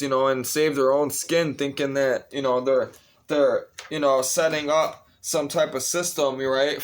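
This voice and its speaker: A man casually reading scripture aloud, breaking off with blunt, profane asides and restarting his phrases. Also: medium pitch. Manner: restless, interrupts himself and restarts phrases. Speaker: Bible reader.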